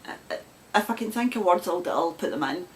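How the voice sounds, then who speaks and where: A woman's voice: on the low side, lively intonation, a little fast, a little hiss or hum. Chatty Glasgow woman with a broad accent. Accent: Glasgow Scottish. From Scotland. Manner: chatty, laughs often, rambling. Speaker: knitting podcast host. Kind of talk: casual chat to camera.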